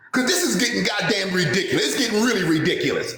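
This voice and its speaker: A man with a Baltimore accent, calling in to a live stream with a blunt, emphatic rant that breaks into shouting. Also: sits high, big pitch swings, fast, heavy reverb. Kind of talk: ranting call-in.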